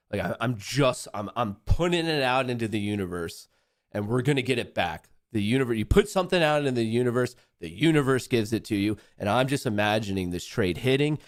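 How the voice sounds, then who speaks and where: A young adult man hosting a live trading stream, talking to chat in a profane, excitable, trash-talking way. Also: fairly low pitch, creaky, no echo, clean studio sound. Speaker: livestream trading host.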